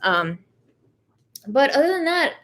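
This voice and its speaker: A woman's voice: sits high, sing-song, takes it slowly, a bit bright. A young woman with a light Southern US accent, chatting casually on a livestream, rambling and reading viewer comments while sick with Covid. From rural American South. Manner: chatty and rambling, many fillers and self-corrections. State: has Covid. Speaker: livestream host, reseller.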